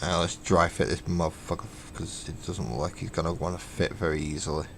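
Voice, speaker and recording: A man's voice: deep voice, fairly even intonation, a little fast, vocal fry, a bit bright, slight background noise. A man chatting casually on a live stream while building miniatures, counting parts aloud, mocking himself and swearing offhandedly. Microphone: webcam stream.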